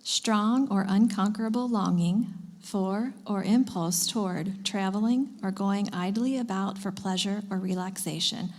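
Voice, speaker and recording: A woman acting as pronouncer at a spelling bee, reading words and their definitions in a clear, measured way. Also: medium pitch, a little mellow.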